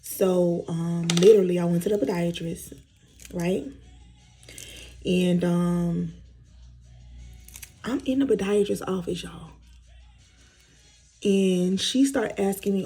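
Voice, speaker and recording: A woman's voice: lowish voice, slow, long pauses, dark tone, soft background music, low-quality recording. A woman vlogger chatting candidly with viewers while doing her makeup, repeating herself as she tells her story. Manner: candid, repetitive storytelling addressing viewers as y'all.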